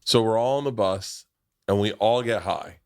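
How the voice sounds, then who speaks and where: A man's voice: lowish voice, moderate pace, a little mellow. A man hosting a casual chat, telling a profane story with lots of restarts.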